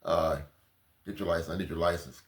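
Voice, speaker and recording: A man putting on the voice of a police officer firmly repeating a request for a license, low and steady, in an echoey room. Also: fairly quick, vocal fry. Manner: low, firm, repetitive. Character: patient male police officer.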